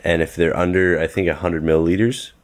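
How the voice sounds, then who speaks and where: A man's voice: low voice, little pitch movement, a little fast. A man co-hosting a podcast, chatting casually and joking, with a laid-back, rambling delivery full of fillers. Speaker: podcast co-host. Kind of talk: casual chat.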